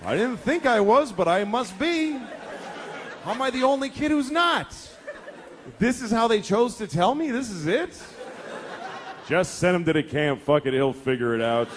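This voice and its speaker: A man's voice: sits high, expressive, moderate pace, some chatter behind, a little hiss or hum. A man in his forties doing stand-up comedy, telling stories in a profane, exasperated way.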